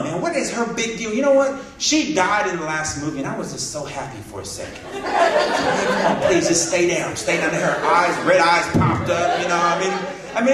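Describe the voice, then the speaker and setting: A man doing a stand-up comedy set, telling stories and acting out the people in them. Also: sits high. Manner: animated storytelling, acting out other people's voices. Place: hall with a live audience. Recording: echoey hall from far off, audience laughing.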